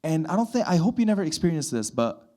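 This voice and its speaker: A man's voice: on the high side, fast, noisy background. A man of thirty, a voice-over artist and composer, talking at a fireside chat and acting out dialogue in his stories. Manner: animated storyteller, acts out dialogue. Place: event hall with live audience.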